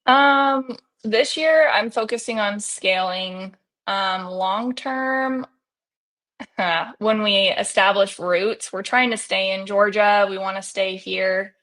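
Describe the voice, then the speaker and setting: A young adult woman speaking as an interview guest, relaxed and conversational. She fills her talk with hedging fillers, and her voice sits at an average pitch. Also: slow. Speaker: guest realtor. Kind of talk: casual interview chat.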